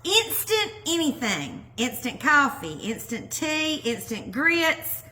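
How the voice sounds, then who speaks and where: A woman with a bright, forward tone chats along as co-host, agreeable and easygoing. Her pitch swings widely as she reads items aloud. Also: huge pitch swings, takes it slowly. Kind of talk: casual comedic chat.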